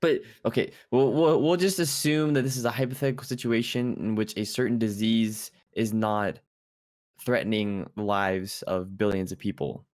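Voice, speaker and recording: A young man talks casually on a podcast, trailing off and restarting his sentences as he goes. His voice sits a little on the low side. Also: steady tone, moderate pace, darkish tone. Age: young adult. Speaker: podcast co-host. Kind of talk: casual chat.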